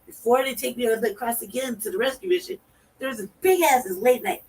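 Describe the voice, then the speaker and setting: Woman telling a story with lots of swearing, kinda high voice, sounds far from the mic w/ a little hiss. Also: brisk. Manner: animated, acts out her own reactions. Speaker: podcast co-host. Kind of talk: casual storytelling, profane. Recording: distant mic with faint noise.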